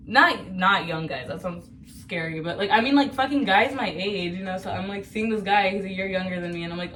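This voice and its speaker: A young woman in her twenties talks on and on in a loose, chatty way, full of slang and swearing. Her voice sits at an ordinary middle pitch and is picked up from a little way off the mic. A faint hiss of background noise runs underneath. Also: normal speed, a bit bright, recorded from a distance. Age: 20s. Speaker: vlogger. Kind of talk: rambling casual monologue. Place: at home while cutting her hair.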